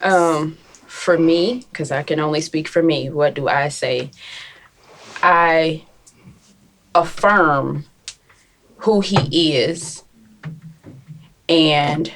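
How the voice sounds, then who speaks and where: A woman guest in a group discussion, speaking in a slow, deliberate and emphatic way. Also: low-pitched, a little hiss or hum. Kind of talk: casual discussion.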